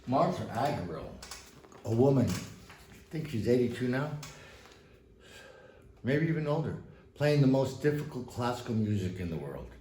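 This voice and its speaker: A man giving a casual piano lesson, relaxed and encouraging, with folksy asides as he plays. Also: mid-range voice, normal speed, long pauses, slight background noise. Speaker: piano teacher. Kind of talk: casual instructional talk at the piano. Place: room with a piano. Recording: roomy sound with piano under the voice.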